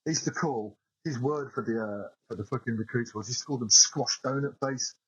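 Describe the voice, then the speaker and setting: Sweary ex-soldier on a muffled voice note. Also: male voice, mid-range voice, fairly quick, fairly bright tone, slightly rough. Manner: sweary, laughing barrack-room storytelling. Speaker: listener sending a voice note. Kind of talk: casual anecdote. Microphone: phone voice note.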